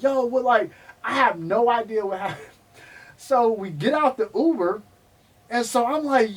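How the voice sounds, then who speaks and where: A man telling stories in a casual interview, animated and profane, acting out the people he quotes. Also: very high-pitched, moderate pace, distant mic, rough recording. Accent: Texan. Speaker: guest, MMA historian.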